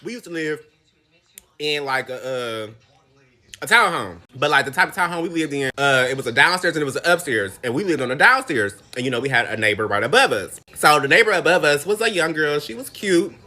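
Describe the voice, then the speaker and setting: A woman's voice: low voice, expressive, brisk, sharp tone. A young woman telling gossip about a former neighbor in a casual storytime.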